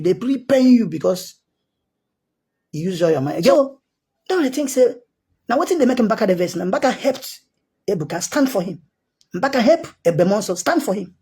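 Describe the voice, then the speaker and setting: A man's voice: high-pitched, animated, brisk, warm tone, husky. A man with a Nigerian accent, a self-styled prophet, giving a heated, insistent commentary monologue that circles back on its points.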